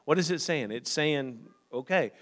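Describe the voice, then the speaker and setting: A man preaching a sermon as pastor, growing loud and emphatic at times, then calm and practical with plain fillers and repeats. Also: a little high, moderate pace. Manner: frequent fillers and repeated words.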